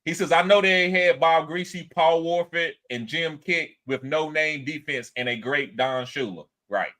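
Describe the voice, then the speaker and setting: Bright-voiced animated man hosting. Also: unhurried. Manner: animated, acts out quotes in a higher voice; reads live chat comments aloud. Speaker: podcast host. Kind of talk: casual sports chat.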